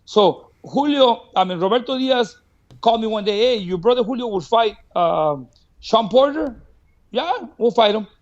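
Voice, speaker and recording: Boxing trainer from Mexico, guest on a podcast, high voice, lively yarn-spinner who plays every quote. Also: male voice, normal speed, dull audio. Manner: animated, acts out quoted dialogue, laughs often. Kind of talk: casual storytelling. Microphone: studio podcast mic.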